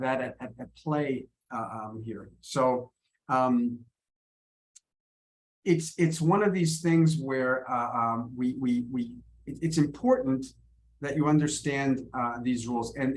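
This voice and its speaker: A man teaching an online pronunciation lesson over a video call, friendly and often repeating and restarting his words. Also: mid-range voice.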